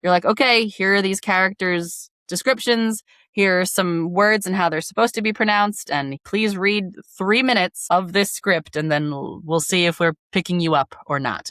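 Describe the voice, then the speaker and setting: A woman with a fairly low voice chats about her narration work, leaning on "like" as she goes. The sound is close and dry, with no room around it. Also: normal speed, fairly bright tone, no echo. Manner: chatty, many "like" fillers, demonstrates voices in passing. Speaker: audiobook narrator guest. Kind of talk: casual interview chat.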